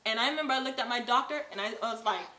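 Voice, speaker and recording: Brief: young woman, bright and slightly high voice, halting earnest storytelling, echoey room. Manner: earnest, halting, with frequent fillers. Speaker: co-host, new mother. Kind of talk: casual personal storytelling. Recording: echoey room with faint noise.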